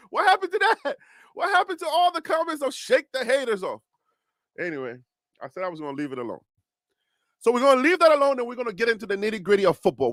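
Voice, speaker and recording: A man with a Liberian accent hosting a casual sports talk livestream, animated, laughing often and speaking straight to his viewers. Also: very high-pitched, no room sound. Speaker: host.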